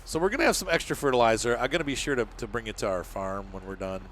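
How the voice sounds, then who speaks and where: A man's voice: mid-range voice, expressive, rapid-fire, fairly bright tone, a little hiss or hum. A man hosting a casual let's-play, chatting and joking as he narrates each move in the game. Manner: chatty and jokey, narrating his own moves. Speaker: gaming channel host.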